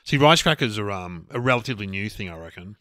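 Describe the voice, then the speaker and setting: Aussie guy on a podcast, bright bouncy voice, tells stories and laughs, dry mic. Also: lowish voice, fast talker, dry recording. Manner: animated anecdotes, laughs through his stories. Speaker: podcast co-host. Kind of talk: casual chat.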